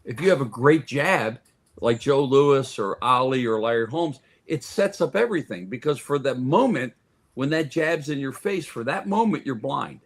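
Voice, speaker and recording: A man's voice: mid-range voice, lively intonation, moderate pace. A man who is a guest on a sports talk radio show, telling stories in a casual chat and often restarting and repeating words.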